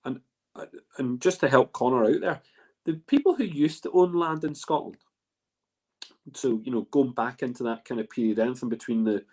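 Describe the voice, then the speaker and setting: A man's voice: medium pitch, a little mellow, breathy edge. A man hosting a whisky tasting in a casual, rambling way, full of restarts and fillers. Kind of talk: casual spoken presentation.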